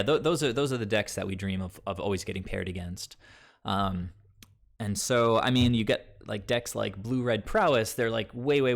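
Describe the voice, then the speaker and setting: A man's voice: fairly low pitch, gravelly. A man from Long Island, New York, chatting casually with his live viewers as a streamer, rambling and filling gaps with um and like. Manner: rambling, heavy on fillers like um and like.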